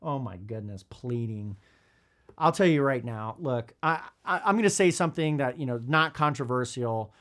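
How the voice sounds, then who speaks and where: A male podcast host reads from a parenting book and comments on it in a blunt, casual way, swearing now and then. His pitch swings widely, rising high when he gets worked up and dropping low when he talks quietly. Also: moderate pace. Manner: animated, blunt, swears, acts out kids in high voices.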